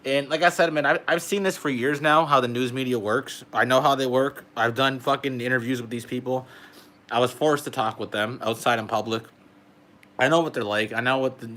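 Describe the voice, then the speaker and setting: A man's voice: mid-range voice, fairly bright tone. A young man, delivering a heated, profane political rant to camera and peppering his talk with "bro". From Canada. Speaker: vlogger.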